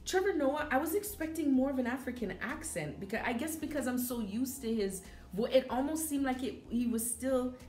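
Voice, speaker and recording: A woman's voice: high voice, fairly quick. Chatty woman reviewing a movie, echoey room. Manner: animated and chatty, with frequent fillers and self-corrections. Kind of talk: casual spoken movie review. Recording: echoey room with faint background music.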